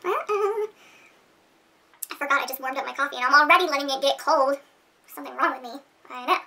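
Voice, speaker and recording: A woman's voice: high voice, fairly even intonation, very fast, vocal fry, pushed and bright, recorded from a distance. A woman beauty vlogger chatting casually through a makeup tutorial, rambling and giggling as she talks to her viewers.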